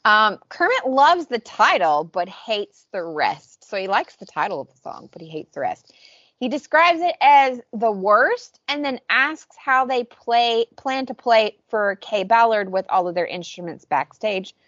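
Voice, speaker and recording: A woman co-hosting a podcast, chatting casually and recapping episodes with animated storytelling. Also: on the high side, measured pace, no room sound, lo-fi sound. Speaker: podcast co-host. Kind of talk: casual chat.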